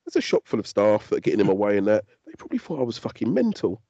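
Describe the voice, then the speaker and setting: A man's voice: lowish voice, rapid-fire, vocal fry, breathy edge, dry recording, muffled recording. A man, co-hosting a podcast in casual chat and telling stories with lots of swearing. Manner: sweary, animated storytelling. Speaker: podcast co-host.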